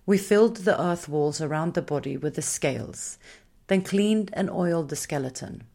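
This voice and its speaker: A woman voicing a big, soft female forest creature who tells her story in a calm, measured way and gives orders. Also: sits low, vocal fry. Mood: grave, indignant.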